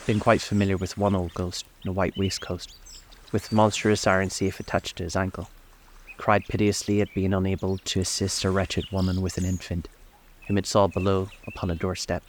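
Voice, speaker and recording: A man narrating a classic story in a measured, even audiobook style. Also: sits low, a little hiss or hum.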